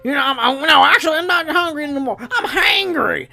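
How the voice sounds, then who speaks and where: A man voicing a loud, drunk, shirtless uncle who slurs and swears. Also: very high voice, expressive, fairly quick, gravelly, full character voice. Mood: rowdy. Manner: slurring, rowdy, swearing.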